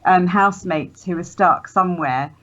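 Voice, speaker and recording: A woman's voice: on the low side, moderate pace, fairly bright tone. Chatty woman, muffled sound. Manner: chatty, hesitant with fillers. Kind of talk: casual review chat.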